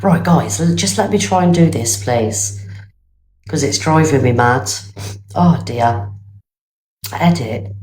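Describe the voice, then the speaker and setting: A woman's voice: animated, takes it slowly, long pauses, darkish tone, a little hiss or hum. A woman hosting a casual livestream, chatty and swearing freely, with a slight cold. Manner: chatty, swings to high squeals, swears casually. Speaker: livestream host. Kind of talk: casual live-stream chat. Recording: roomy echo.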